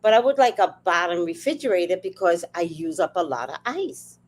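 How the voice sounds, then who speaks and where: A woman's voice: fairly low pitch, fairly quick. A woman hosting a livestream, telling stories in a loose, chatty way. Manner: chatty, animated storytelling. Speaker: livestream host. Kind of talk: casual chat.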